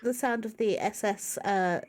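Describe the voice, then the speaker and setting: A woman's voice: mid-range voice, a little slow, a little mellow. A woman running a tabletop game as game master, chatty and self-deprecating.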